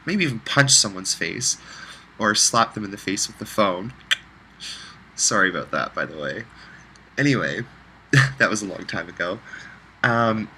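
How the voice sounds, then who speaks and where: A man's voice: fairly low pitch, moderate pace, long pauses, bright, forceful tone, slight background noise, rough recording. A man recording a heartfelt, rambling personal video message, close to tears at times.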